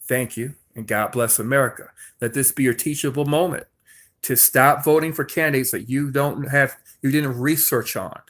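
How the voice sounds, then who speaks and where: A man's voice: medium pitch, moderate pace, a bit bright. A man delivering a political commentary monologue in an emphatic, repetitive, preachy way, often restarting his sentences. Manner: frequent restarts and stumbles.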